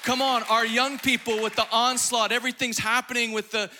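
Fiery high-voiced male preacher. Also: flat delivery, fairly quick, some chatter behind. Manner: fiery, exuberant, shouting and laughing at times; acts out quoted voices in his preaching. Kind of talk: sermon.

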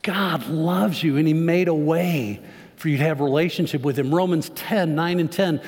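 High-voiced male pastor in a reverberant church. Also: normal speed, darkish tone, husky. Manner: conversational preaching with questions to the congregation. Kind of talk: sermon. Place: church sanctuary.

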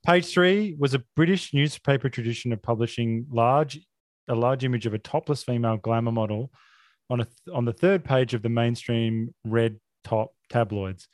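A man hosting a film podcast, talking in a sarcastic, mock-outraged deadpan. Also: mid-range voice, normal speed, no room sound, studio quality. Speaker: podcast host. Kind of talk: casual film review chat.

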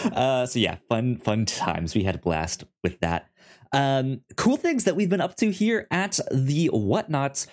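A man's voice: medium pitch, lively intonation, measured pace, darkish tone. A man hosting a podcast, chatting casually in a rambling way with many restarts. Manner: rambling, with frequent restarts and fillers. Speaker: podcast host.

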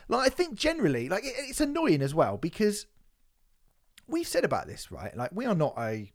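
A man co-hosting a podcast in casual chat, sweary and ranting. His pitch sits a bit high and swings all over. He gets worked up. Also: huge pitch swings, moderate pace. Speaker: podcast co-host.

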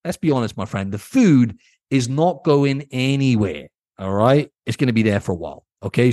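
Speaking at a medium pitch in a clean, echo-free studio recording, a man coaches listeners on his own podcast. His advice is blunt and casual, laced with swearing, and he keeps asking "right?"

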